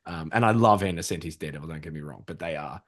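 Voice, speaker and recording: A man co-hosting a podcast, chatting casually about comic books in an excitable, rambling way and swearing freely. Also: very deep voice, quick pace. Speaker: podcast co-host. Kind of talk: casual comic book chat.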